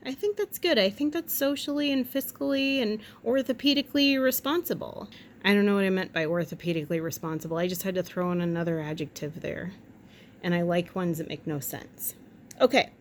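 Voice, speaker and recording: A woman chatting at home in a rambling, jokey way, with quick asides and silly voices. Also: medium pitch, a little hiss or hum. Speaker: vlogger. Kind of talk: casual chat.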